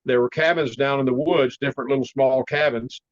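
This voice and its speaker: A man telling a story in a casual interview, animated and laughing often, clearing his throat now and then. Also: medium pitch, a little fast, no room sound, dull audio. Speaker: martial arts teacher, interview guest.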